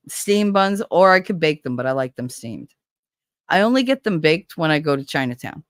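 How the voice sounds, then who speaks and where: A woman's voice: low voice, dry recording, clean studio sound. A middle-aged woman, chatting casually with viewers and telling stories with swearing and laughs. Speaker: livestream host.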